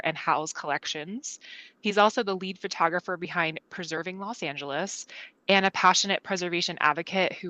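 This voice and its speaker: A woman with a bright, clear voice introduces a guest on an online webinar, friendly and easy. Her pitch sits a little low, and the sound is dry and close, like a computer mic on a video call. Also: no echo, poor audio. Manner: friendly, laughs lightly between reading. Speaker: webinar moderator.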